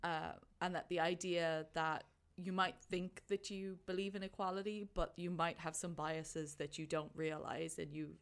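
A young woman in casual conversation about a film, chatty and animated, acting out her own thoughts in quotes. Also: fairly low pitch, moderate pace, hardly any pauses, clear, resonant tone.

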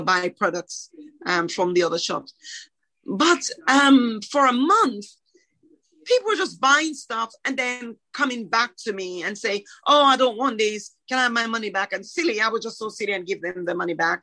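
A woman's voice: medium pitch, low-quality recording. A middle-aged woman who owns a shop, telling her story in an interview and acting out the conversations. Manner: animated, acts out dialogue. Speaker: shop owner.

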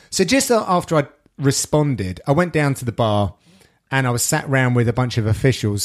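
A man hosting a podcast, telling stories in casual chat with animated, sweary delivery. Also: mid-range voice. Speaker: podcast host and sports commentator.

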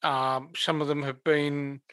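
A man's voice: on the high side, level tone, slow, sharp tone, clear, resonant tone, dry recording. Wry man hosting, dry close sound. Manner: wry, joking asides. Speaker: podcast host. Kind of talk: interview chat.

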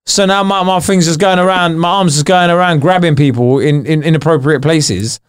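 Man, high voice, jokey co-host chat. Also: normal speed, smooth. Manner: animated, jokey, acts out scenes. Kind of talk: casual chat.

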